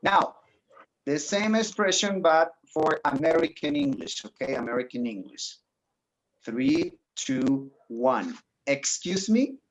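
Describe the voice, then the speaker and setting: Encouraging teacher on a video call. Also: male voice, fairly high pitch, huge pitch swings, takes it slowly, vocal fry. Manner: encouraging, mixes in Spanish explanations. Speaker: English teacher. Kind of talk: online class instruction.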